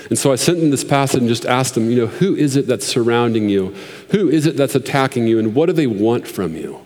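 Man in his 30s, pastor, chatty earnest sermon delivery, mid-pitched, long hall echo. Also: a little mellow. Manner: conversational, earnest, with fillers and restarts.

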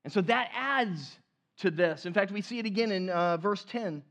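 Male pastor, high-pitched, conversational sermon delivery with hushed emphatic drops. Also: normal speed.

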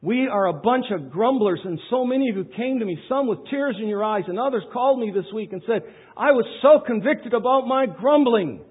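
A pastor preaching a sermon, swinging from loud pleading questions to quiet asides. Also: male voice, sits high, expressive, quick pace, hardly any pauses, husky. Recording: tinny phone-like sound.

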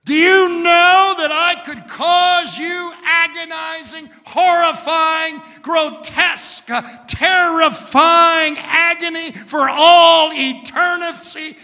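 A man's voice: very high-pitched, fairly even intonation, slow pace, hardly any pauses, long reverb tail, pitched above the performer's own voice, exaggerated voice. A man voicing a furious male devil who bellows his threats in a sermon joke. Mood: roaring menace. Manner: bellowing, menacing, shouting.

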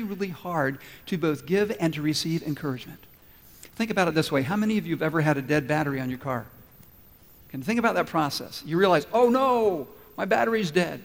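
A pastor preaches to his church family, working through his points and acting out little stories along the way. His voice sits a touch high for a man. The long reverb of a church hall trails behind every phrase. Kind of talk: sermon. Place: church sanctuary.

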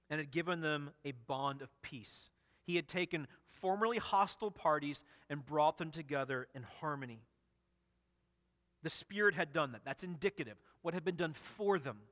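A man's voice: medium pitch, a bit bright, big-room sound. A man preaching an expository sermon, earnest and emphatic, often repeating and restarting phrases. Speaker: pastor.

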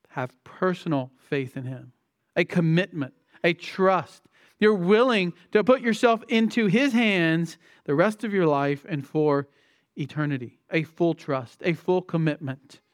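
A man's voice: high voice, smooth, no room sound, studio quality. A man preaching an expository sermon, emphatic, repeating key phrases and asking rhetorical questions.

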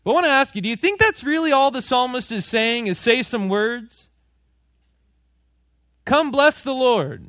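A man with a high voice preaches a sermon in a loose, chatty way, putting questions to his listeners and cracking jokes. The sound is dry and a little dull and muffled. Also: fairly quick, few pauses, sharp tone, dry recording. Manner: conversational, asks the congregation questions and jokes. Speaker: pastor.

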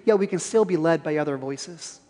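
A pastor preaches with a slightly high, dark-toned voice at a somewhat fast clip. He presses his congregation with pointed questions in an earnest, searching way, and the church hall around him echoes.

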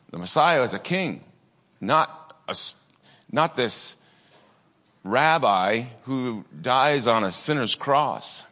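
A man's voice: medium pitch, pushed and bright, long reverb tail. A man preaching a sermon in a conversational way, with many asides and fillers. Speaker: pastor.

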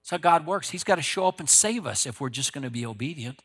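A man's voice: fairly high pitch, fast talker, slightly rough. A man preaching a sermon, retelling stories emphatically and directly urging his listeners. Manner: animated storytelling, emphatic. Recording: long hall reverb.

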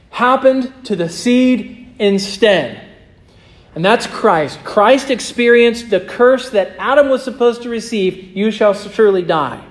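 High-voiced earnest male pastor preaching. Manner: earnest, slows and softens for emphasis. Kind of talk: sermon with closing prayer.

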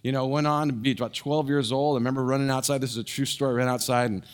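A middle-aged man pastor giving a sermon, telling a personal story in an animated way with many restarts and fillers. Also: medium pitch, racing, smooth.

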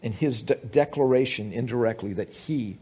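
A man's voice: medium pitch, moderate pace, mellow, breathy edge. A man teaching from the Bible in a sermon. He retells a story with emphasis and asks the listeners questions.

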